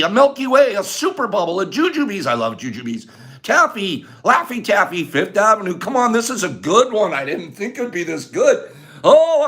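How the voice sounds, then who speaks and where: An older man hosting a live stream, excitably rattling off viewers' answers and laughing often. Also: very high voice. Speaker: live-stream host reading viewer comments. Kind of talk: lively live-stream chat.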